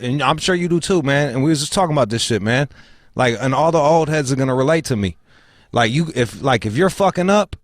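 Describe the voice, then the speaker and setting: A man's voice: fairly high pitch, no echo, studio quality. A man hosting a casual talk show, swearing freely and laughing as he rants. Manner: profane, animated, laughs often. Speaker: show host.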